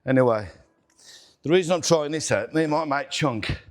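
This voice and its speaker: A man's voice: a little high, normal speed. Gym man counting reps and straining. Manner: counts reps aloud, swears and groans while straining. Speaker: gym owner and host. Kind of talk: workout demonstration vlog. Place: indoor gym.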